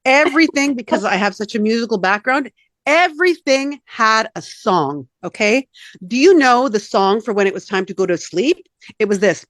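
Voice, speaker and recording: A middle-aged woman chatting in a group, telling lively stories and slipping into little sung bits. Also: fairly high pitch, moderate pace, no echo, clean studio sound. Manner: animated storyteller, breaks into sung snippets. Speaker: study group member. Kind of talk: casual group chat on a call.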